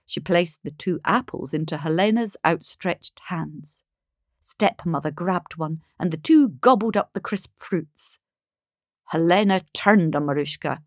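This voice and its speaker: A woman storyteller reading a fairy tale aloud, measured and expressive. She takes an unhurried pace. The recording is close and dry. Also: on the low side, no room sound.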